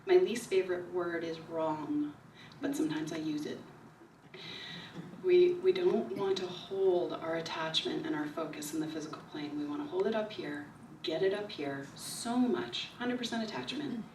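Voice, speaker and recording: A woman giving a calm, repetitive spiritual talk at her book signing, slowing down to stress key ideas. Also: on the low side, slight background noise. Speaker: author speaking at a book signing. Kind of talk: spiritual talk to a small audience. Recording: echoey room recorded from far off.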